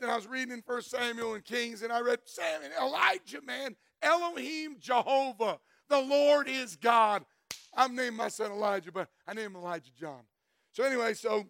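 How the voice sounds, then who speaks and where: A middle-aged man giving a folksy, animated testimony sermon, telling stories and breaking into shouts. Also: high-pitched, no room sound. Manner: folksy, storytelling, bursts into shouts.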